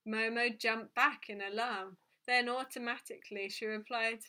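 A woman reading a children's book aloud in a gentle, unhurried way, now and then correcting herself. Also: medium pitch, little pitch movement. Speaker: storyteller.

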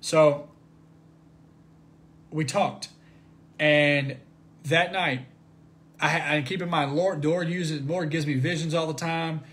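High-voiced animated man preaching. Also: slow pace, pauses often. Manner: animated, repeats words, rises to shouting at high points. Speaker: Christian video preacher. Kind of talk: informal Bible study talk.

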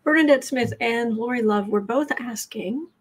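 A woman's voice: on the high side, moderate pace. Chatty woman hosting a tarot livestream. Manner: chatty and rambling, with asides to the chat. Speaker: livestream tarot reader and host. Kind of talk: casual livestream chat.

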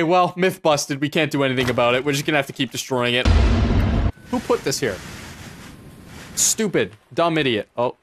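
A man recording gameplay commentary, excitable, yelling and ranting at objects in the game, with sarcastic self-talk. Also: medium pitch, normal speed, pauses often, background noise. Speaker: gaming video host. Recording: loud game sounds and mouse clicks behind.

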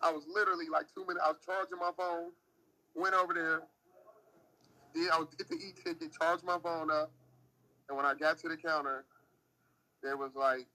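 A man's voice: on the high side, little pitch movement, moderate pace, long pauses, sharp tone, poor audio. A man from the United States on a casual phone livestream, near an airport. He rambles, swears and sounds exasperated.

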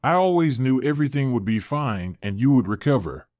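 A man reading the part of a scheming husband who flatters and grovels in a storybook reading. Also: medium pitch, a little fast, dry recording, clean studio sound, lightly acted. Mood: fawning. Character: scheming middle-aged husband, smooth and fawning.

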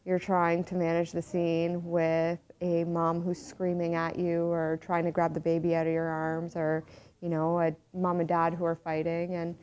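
A woman's voice: fairly low pitch, completely flat delivery, normal speed, darkish tone. A woman paramedic speaking candidly and matter-of-factly in a documentary interview. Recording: slightly dull audio with faint music behind.

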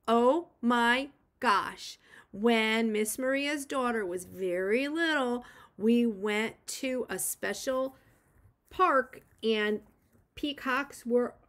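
A preschool teacher reads a picture book aloud to young children and gently encourages them to join in. Her voice is a little high.

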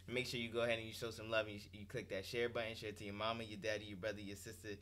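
Hyped young man with a bright voice. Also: lowish voice, little pitch movement, very fast. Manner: hyped, slangy, profane. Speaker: gaming YouTuber. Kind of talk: energetic vlog intro.

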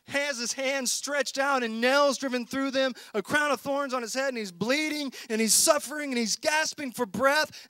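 A male pastor preaches a passionate sermon in a very high, bright voice. He swings from ringing emphasis down to hushed, intense asides. The sound is dry and close. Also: dry recording. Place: church.

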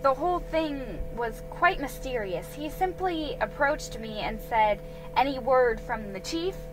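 A woman's voice: high-pitched, animated, measured pace, voice pushed up, rough recording. A woman voicing a poised young woman detective, polite and assured, read over background music. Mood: calm, kind.

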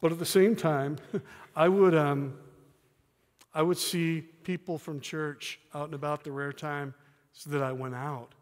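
A man's voice: a little high, steady tone, a little slow. Earnest middle-aged man preaching in a hall. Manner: earnest and candid, with soft self-deprecating laughs. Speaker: guest preacher. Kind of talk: sermon with personal testimony. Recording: long reverb of a church hall.

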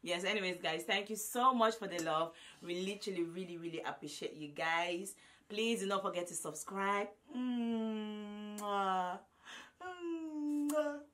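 Loud effusive woman in her twenties. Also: lowish voice, moderate pace. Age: 20s. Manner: loud and effusive, repeats herself. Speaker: vlogger. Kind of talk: casual vlog to camera. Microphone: phone camera.

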